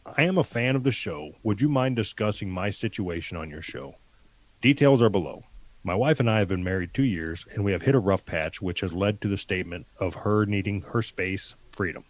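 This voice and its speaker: A man's voice: lowish voice, lively intonation, fairly quick. A man co-hosting a podcast, reading out a listener letter and giving blunt, crude answers in casual chat. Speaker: podcast co-host.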